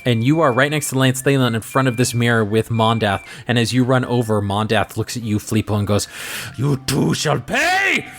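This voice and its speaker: A man narrating as game master for a tabletop game, upbeat and quick to react. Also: medium pitch, steady tone, faint music behind.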